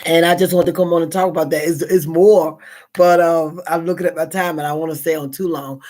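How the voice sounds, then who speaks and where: A woman's voice: deep voice, fairly even intonation, a little fast, a little mellow. A woman with a Southern American accent hosting a live stream, talking through a casual reflection in a rambling way, with fillers and repeated words.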